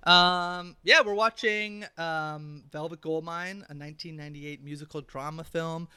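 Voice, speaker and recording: Male podcast host, casual, lots of fillers and restarts, very bright and dry. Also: fairly high pitch, steady tone, unhurried, clean tone, dry recording. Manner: chatty, many fillers and restarts.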